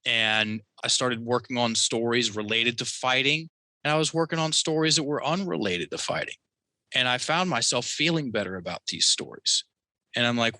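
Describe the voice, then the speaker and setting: A man with a very bright, forceful voice tells a personal story as a podcast guest. He is animated and acts out the voices of the people in his story, recorded dry and close. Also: mid-range voice, moderate pace, dry recording. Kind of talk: storytelling in a conversational interview.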